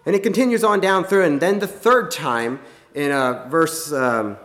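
Earnest man preaching, slightly high voice. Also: a bit bright. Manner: halting, many restarts and fillers; earnest, plain-spoken. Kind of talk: sermon.

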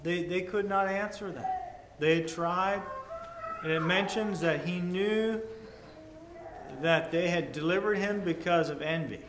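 A man preaching a sermon in a measured, earnest way, swinging between loud emphasis and hushed tones. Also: sits high. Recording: echoey room with faint ambient noise.

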